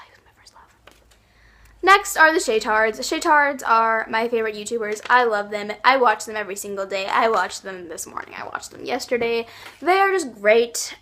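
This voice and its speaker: A woman's voice: a little high, a bit bright. Bubbly, gushing young woman. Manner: gushing, bubbly, lots of likes and ums. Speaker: YouTube vlogger. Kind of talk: casual favorites vlog.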